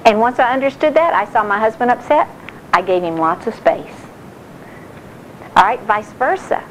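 A middle-aged woman giving a sermon-style talk on marriage, animated and acting out quotes. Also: on the high side, slight background noise, rough recording. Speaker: speaker on marriage.

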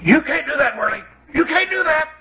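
A man's voice: very high voice, animated, fairly quick, bright, forceful tone, dull audio, pitched above the performer's own voice, heavily acted. A man voicing a stubborn male demon spirit that taunts and then pleads in a raised, strained voice. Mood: panicked.

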